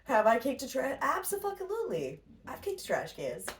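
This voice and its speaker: This tarot reader has a high voice whose pitch swoops wildly, and she speaks at a moderate pace. Her casual spiritual pep talk is blunt and profane, full of laughter, recorded on a distant mic with faint noise.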